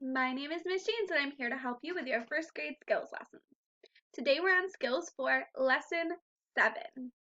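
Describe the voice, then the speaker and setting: A woman's voice: sits high, normal speed, pushed and bright, lo-fi sound. A woman teaching a first grade phonics lesson to young children in a patient, encouraging way. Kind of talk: recorded online phonics lesson.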